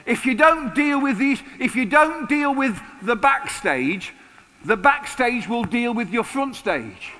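Bright-voiced man in his sixties preaching. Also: extremely high pitch, measured pace. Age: 60s. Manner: lively, conversational preaching with humor. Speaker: pastor. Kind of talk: sermon. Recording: long hall reverb.

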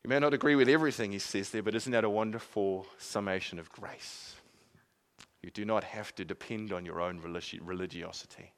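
A man preaching a sermon in an earnest way, swinging from emphatic peaks to quiet, soft passages. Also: lowish voice, brisk.

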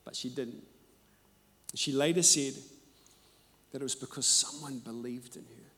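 A man preaching a sermon and telling personal stories, animated and emphatic, moving between loud and hushed. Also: mid-range voice, a little slow. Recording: echoey hall.

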